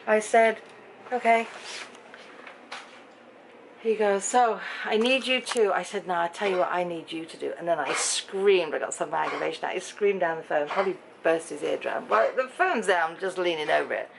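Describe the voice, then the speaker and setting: A woman's voice: fairly low pitch, normal speed, vocal fry, noisy background. A middle-aged English woman from Britain, telling a story in a chatty, exasperated way in a casual vlog at home. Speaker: vlogger. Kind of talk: casual chat to camera. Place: home bedroom.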